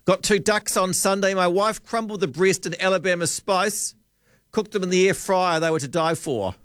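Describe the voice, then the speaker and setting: A man's voice: sits high, normal speed, a bit bright, no room sound. A man hosting a talkback radio show, rambling and joking as he thinks aloud at a studio microphone. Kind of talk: casual radio chat.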